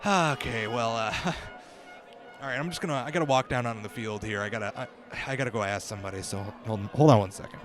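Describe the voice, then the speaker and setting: A man's voice: medium pitch, quick pace, music in the background. A young man hosting a comedy podcast, rambling through a bumbling, self-deprecating mock field report with the odd swear word.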